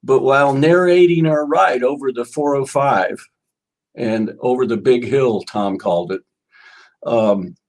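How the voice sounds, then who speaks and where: An older male musician, a guest in a storytelling interview, tells rambling stories and reads passages from his own book. His mid-range voice is a little mellow and a little slow, and he coughs.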